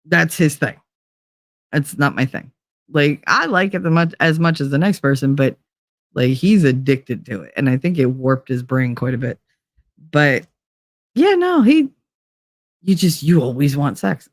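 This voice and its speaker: A woman's voice: dry recording, studio quality. Profane, frank woman telling stories. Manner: frank, profane storytelling that jumps into high mocking voices for quotes. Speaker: livestream host chatting with viewers. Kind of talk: casual livestream chat.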